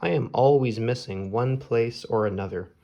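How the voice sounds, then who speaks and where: A man voicing a gentle, earnest, sentimental male owl from a children's storybook, speaking in simple, sincere sentences. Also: mid-range voice, normal speed, creaky, muffled recording, close to an everyday voice. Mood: puzzled.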